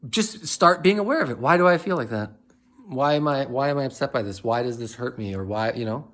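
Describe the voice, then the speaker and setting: A man speaking in a reflective, rambling monologue, asking many questions and laughing softly now and then. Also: on the high side, lively intonation, fast. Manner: rambling, questioning, with frequent restarts and soft laughs. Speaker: motivational speaker.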